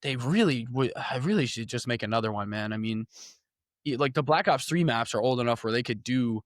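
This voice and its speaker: A young man chatting on a podcast about video games, with a mid-range voice that is loose, animated and full of slang. The sound is dry and close to the mic, with no room in it. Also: mid-range voice, a little fast, dry recording. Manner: slangy, animated gamer talk. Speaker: podcast co-host. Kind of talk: casual chat.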